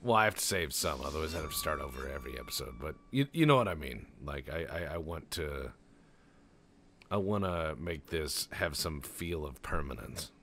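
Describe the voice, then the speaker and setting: A man's voice: extremely low pitch, expressive, moderate pace, a bit bright, slight background noise. A man doing rambling, profane, jokey let's-play commentary over a strategy game, tossing in goofy voices. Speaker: gaming channel host.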